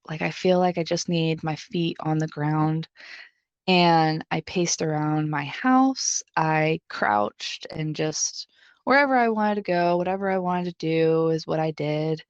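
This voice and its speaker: A young woman co-host tells a personal story in a loose, rambling way, filling her sentences with "like". Her voice sits a little low for a woman. The recording is dull and lo-fi, with a dry, close sound. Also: darkish tone, clean tone, no room sound. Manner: chatty, leans heavily on filler "like". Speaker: podcast co-host.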